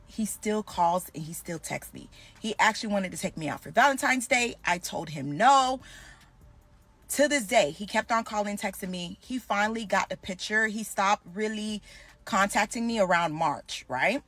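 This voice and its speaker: Young woman doing a storytime, lively, plays out the back and forth herself. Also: mid-range voice, normal speed. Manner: animated, acts out both sides of the conversation. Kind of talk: storytime vlog.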